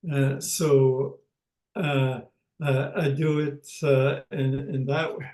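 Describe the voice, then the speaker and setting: An older man teaching a language lesson over a video call, speaking haltingly with many pauses and restarts. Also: a little high, little pitch movement, a little mellow, roomy sound, poor audio.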